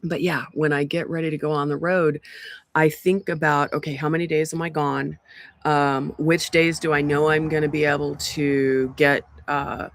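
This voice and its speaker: A woman's voice: sits low, little pitch movement, moderate pace, no echo. A woman hosting a community livestream from an outdoor porch, talking casually into a laptop mic with lots of ums and restarts. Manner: chatty, rambling, frequent ums and restarts. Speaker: community group host. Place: outdoor porch among pines. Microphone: laptop microphone.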